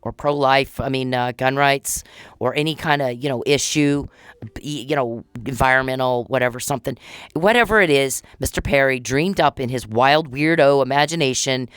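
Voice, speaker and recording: A woman's voice: a bass voice, moderate pace, smooth, no room sound, studio quality. A woman delivering a blunt, profane, ranting monologue at an official. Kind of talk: angry monologue addressed to an official.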